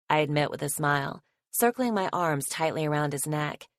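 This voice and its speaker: A woman narrating a first-person romance audiobook in a soft, affectionate way. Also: deep voice, moderate pace, hardly any pauses, dry recording, studio quality.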